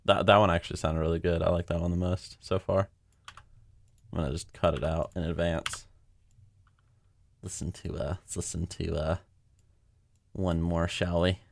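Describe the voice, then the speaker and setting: A man casually commenting while editing audio, relaxed and chatty, thinking out loud. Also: low voice, moderate pace, gravelly, long pauses, a little hiss or hum. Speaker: machinima creator editing audio.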